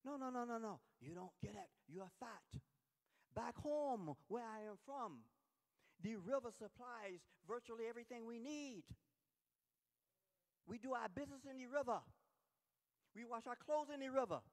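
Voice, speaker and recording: A man's voice: extremely high pitch, lively intonation, moderate pace, pauses often, in a large hall, pitched above the performer's own voice. A man voicing a frank young Nigerian seminary student who insistently scolds his listener. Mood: blunt.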